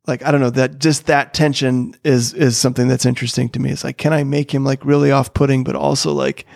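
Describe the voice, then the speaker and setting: A man's voice: mid-range voice, little pitch movement, fast, gravelly, hardly any pauses, darkish tone, no echo, studio quality. A middle-aged comedian in casual conversation, rambling and restarting his sentences as he explains. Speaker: character comedian, podcast guest.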